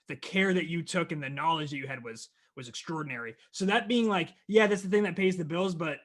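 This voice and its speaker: A man hosts a casual interview, speaking enthusiastically and warmly to his guest. His voice sits a little higher than most men's. He often trails off and circles back to finish his thoughts. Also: a little fast. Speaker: podcast host.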